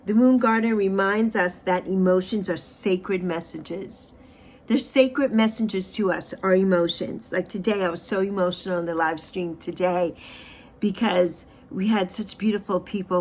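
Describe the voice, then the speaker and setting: A woman in her sixties hosting a spiritual livestream, giving an uplifting tarot card reading and chat, repeating phrases and stretching words for emphasis. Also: slight background noise. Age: 60s. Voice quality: expressive, swings pitch and loudness for emphasis. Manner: repeats phrases, drawn-out affirmations.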